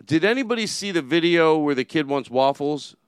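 A man hosting a casual podcast chat, rambling and animated, now and then slipping into impressions of other comedians. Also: on the high side, brisk, clean tone, no echo, studio quality.

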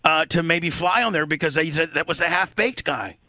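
A man's voice: fairly high pitch, fairly quick, sharp tone, no room sound. A man co-hosting a radio show, chatting casually and laughing along. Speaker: radio co-host. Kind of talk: casual chat.

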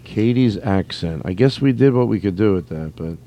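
A man's voice: on the low side, lively intonation, normal speed, mellow, a little hiss or hum. A man from Philadelphia with a Philadelphia accent, hosting a casual comedy podcast in a rambling, playful way that keeps interrupting itself. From Philadelphia, United States. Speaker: podcast host.

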